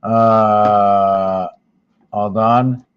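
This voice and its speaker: A man hosting his own channel, talking viewers through his screen slowly as he searches for things, rambling and correcting himself along the way. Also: fairly low pitch, steady tone, smooth, lo-fi sound. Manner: slow, rambling, searching aloud with many pauses and self-corrections. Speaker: channel host teaching on screen. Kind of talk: thinking-aloud screen walkthrough.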